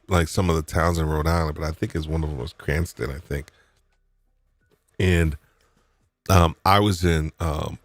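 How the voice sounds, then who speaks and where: A man from New York chatting on a live podcast, rambling and animated, often restarting his sentences and laughing. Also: extremely low pitch, dry recording. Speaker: podcast co-host. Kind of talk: casual live podcast chat.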